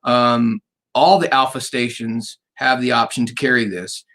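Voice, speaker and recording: A man's voice: medium pitch, fairly even intonation, a little slow, a bit bright. A man hosting a weekly live radio interview, talking in a rambling, friendly way. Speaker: radio show host. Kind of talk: casual interview chat.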